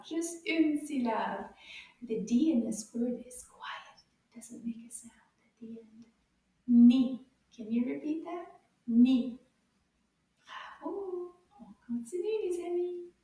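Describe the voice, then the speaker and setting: A woman teaching French to young children, saying words slowly and clearly and giving cheerful praise. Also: sits high, animated, mellow. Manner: slow, exaggerated repeating of words for children. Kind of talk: kids' language lesson. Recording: echoey room, voice far from the mic.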